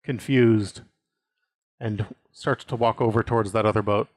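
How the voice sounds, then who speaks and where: A man's voice: lowish voice, fairly even intonation, measured pace, dry recording. A man narrating as game master of a tabletop role-playing game, easygoing, with fillers.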